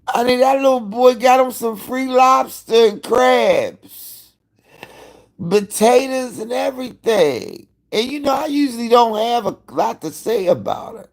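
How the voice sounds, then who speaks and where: A man's voice: very high voice, big pitch swings, takes it slowly, vocal fry. A man hosting a casual live-stream chat, gossiping in a profane, dramatic way. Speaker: livestream host.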